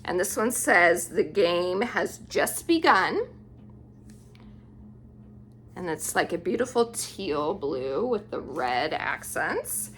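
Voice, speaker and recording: A woman vlogger showing off a book haul, gushing and unhurried as she admires each book aloud. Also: fairly low pitch, big pitch swings, fairly bright tone, slight background noise. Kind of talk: casual book haul show-and-tell.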